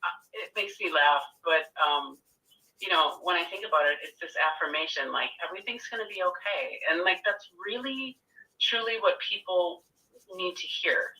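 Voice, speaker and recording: A woman's voice: fairly low pitch, moderate pace, pushed and bright, distant mic, poor audio. A woman who gives spiritual readings, chatting casually and sprinkling her speech with "like". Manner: filler-heavy, lots of "like". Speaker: spiritual reader. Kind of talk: casual chat.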